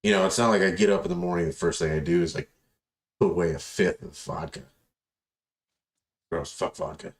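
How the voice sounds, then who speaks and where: A podcast host with a low voice talks briskly, pausing often, as he tells rambling, profane stories in casual conversation. He animates them by voicing the people involved.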